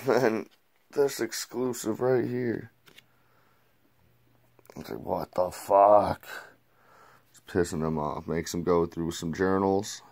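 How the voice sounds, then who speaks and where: A man's voice: deep voice, takes it slowly, pauses often, darkish tone. A man reviewing a movie in a casual, crude play-by-play recap. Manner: loose, crude, retells scenes in a play-by-play.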